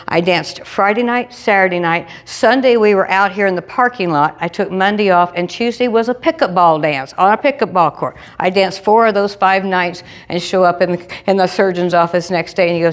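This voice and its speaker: Woman presenter, animated storyteller who plays every part of the dialogue herself. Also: normal speed. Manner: lively, acts out dialogue with big pitch jumps. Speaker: presenter sharing a testimony. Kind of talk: animated storytelling to a live group.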